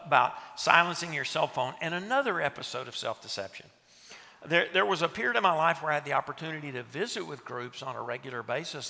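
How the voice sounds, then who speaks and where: A middle-aged man from West Texas, his nasal twang bright and a little gravelly, teaches a church leadership session and tells jokes at his own expense. His voice sits a touch high and carries the long reverb of a large hall. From West Texas, USA. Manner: self-deprecating, joking storyteller. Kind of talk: teaching talk to a seated audience.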